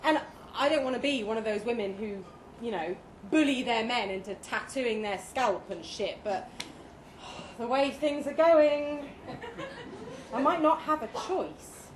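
A young woman with a high voice reads a comic monologue slowly and dryly, leaning on pointed pauses. Her voice rings with room echo from a live pub reading, with faint noise underneath. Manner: dry, deliberate comic delivery with pointed pauses. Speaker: reader at a live fiction night. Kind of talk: live comic story reading, first person.

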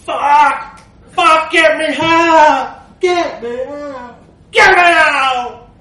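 A man voicing a panicked, furious man trapped inside a suitcase, shouting shrilly and swearing. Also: a little high, animated, takes it slowly, reverberant, recorded from a distance, voice pushed up.

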